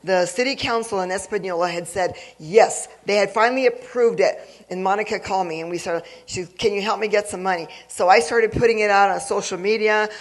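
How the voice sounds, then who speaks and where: Eager, halting gala emcee. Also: mid-range voice, poor audio. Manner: eager and halting, with frequent restarts. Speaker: event emcee. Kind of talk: introducing a speaker at a gala.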